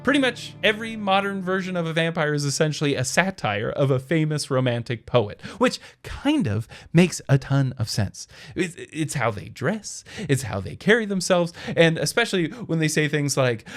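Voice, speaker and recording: A man's voice: fairly high pitch, sing-song, moderate pace, hardly any pauses. A man narrating a history video essay in an enthusiastic, chatty and playful way.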